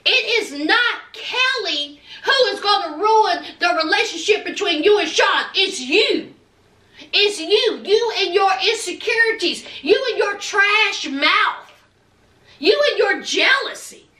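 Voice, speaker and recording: Brief: sassy woman recapper, high bright voice, lively swings in pitch. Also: slow, roomy sound, distant mic. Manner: sassy, dramatic, scolding with slang. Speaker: TV recap vlogger. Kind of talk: reality TV recap commentary.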